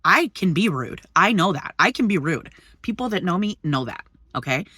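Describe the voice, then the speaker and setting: A young woman vlogger casually retelling an argument from the passenger seat of a parked truck, animated and indignant, swearing freely. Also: lowish voice, normal speed, slightly rough, no echo. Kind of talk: casual storytelling vlog.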